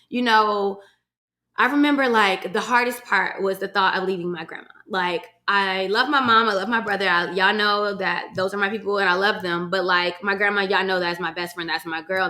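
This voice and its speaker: A young woman from Virginia talks straight to her listeners in a bright, sharp-edged voice, mid-pitched for a woman. She tells a personal story in a loose, chatty way, full of y'all and casual swearing, and now and then she fights back tears. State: emotional, holding back tears at times. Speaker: podcast host. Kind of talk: casual solo podcast storytelling.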